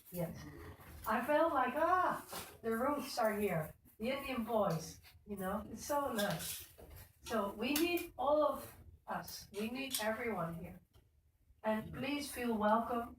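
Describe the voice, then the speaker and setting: A middle-aged woman giving an informal devotional talk at a temple and speaking to listeners by name. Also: medium pitch. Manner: conversational, addresses listeners by name. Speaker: speaker at a temple Sunday program. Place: temple hall. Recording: echoey room, speaker far from mic, faint noise.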